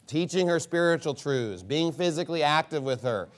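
A male pastor preaching from the pulpit, his voice sitting a little high for a man. He reads scripture at a measured, deliberate pace and then drives his points home with rhetorical questions and repeated phrases. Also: animated. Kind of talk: sermon.

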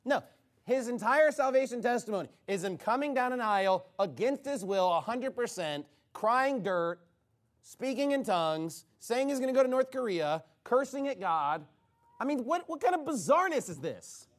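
A man's voice: very high voice, sing-song, normal speed. A man preaching a sermon, retelling a story with mocking, incredulous sarcasm.

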